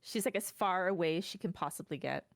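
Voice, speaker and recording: A woman narrating her character's actions at a tabletop game in a loose, rambling way. Her talk is full of fillers and casual swearing. Her voice is a little low, and the sound is dry and close. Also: quick pace, gravelly, no room sound.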